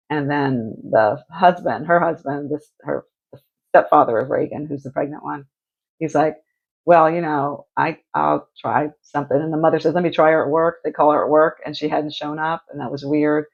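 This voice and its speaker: A woman streams casual chat and recaps a true crime story, circling back and restarting as she goes. Her voice has a gravelly edge, and the stream audio sounds muffled and lo-fi. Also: low voice. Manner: rambling, many restarts and fillers.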